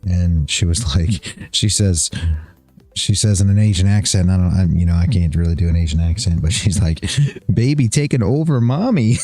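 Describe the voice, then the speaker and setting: A man's voice: sits low, fairly even intonation, normal speed, mellow, no echo, soft background music. A tired man hosting a trading livestream, chatting casually, rambling and chuckling as he loses his train of thought. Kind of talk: casual chat.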